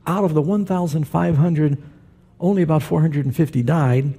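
Husky, dark-voiced male preacher. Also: a little high, moderate pace. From Southern California. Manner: storytelling with humor, asks the congregation questions. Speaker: pastor. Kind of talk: sermon.

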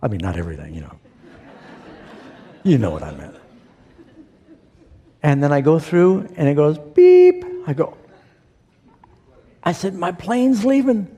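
A man's voice: fairly high pitch, big pitch swings, measured pace, long pauses, dark tone, slightly rough. A man preaching a sermon to a congregation, telling a story and acting out the quotes, and asking them questions. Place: church sanctuary. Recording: long reverb of a church hall.

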